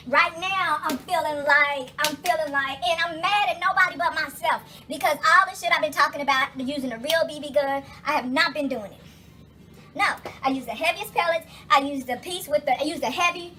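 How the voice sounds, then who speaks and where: A woman vlogging casually from her kitchen, telling stories in a profane, animated way full of asides. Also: sits high. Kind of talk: casual kitchen vlog chat. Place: home kitchen.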